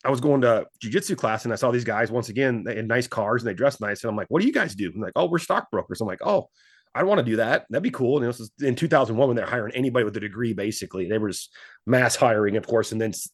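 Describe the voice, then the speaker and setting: A man's voice: mid-range voice, fast talker, dry recording, clean studio sound. A man in his forties, a former stockbroker turned entrepreneur, telling his story casually and acting out his own past dialogue in quotes. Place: Fort Worth, Texas.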